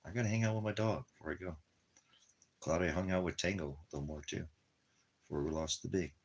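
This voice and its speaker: A man with a very low, husky voice rambles in a loose, repetitive way. He coos at his dog with doting baby-talk, then slides into preaching about religion, all in an offhand home-vlog manner. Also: fast, lo-fi sound. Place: at home in the desert.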